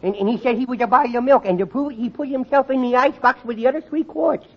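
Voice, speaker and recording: A man's voice: extremely high pitch, fast. A cheeky little boy, baby-talking. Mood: mischievous. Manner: lisping baby talk, giggly, bad grammar. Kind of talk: 1940s radio comedy acting. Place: radio studio before live audience. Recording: muffled vintage radio, audience laughter, hiss.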